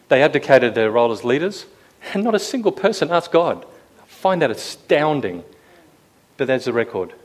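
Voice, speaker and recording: A man preaching a sermon to a room, talking conversationally, asking the listeners questions and acting out quoted lines with a raised voice. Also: medium pitch. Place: room with a live audience.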